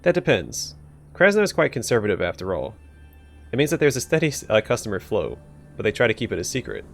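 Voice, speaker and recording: A man reading Viper, a scornful gruff pimp. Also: on the low side, huge pitch swings, fast, soft background music, heavily acted. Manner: curt, dry and scornful. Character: gruff middle-aged male pimp, irritable and sarcastic.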